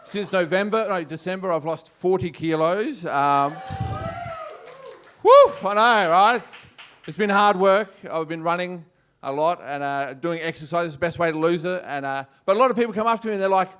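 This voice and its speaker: A man's voice: high voice, animated, moderate pace, fairly bright tone, clear, resonant tone. A man with an Australian accent doing a brash, swearing stand-up routine on a comedy club stage. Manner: brash, swearing, punchy delivery.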